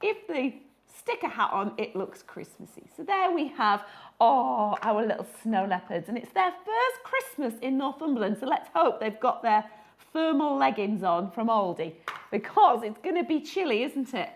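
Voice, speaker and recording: A woman's voice: fairly high pitch, big pitch swings, moderate pace. A woman who illustrates children's books, chatting and joking as she teaches children to draw. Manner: chatty, jokey, talks to children. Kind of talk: live drawing tutorial for children.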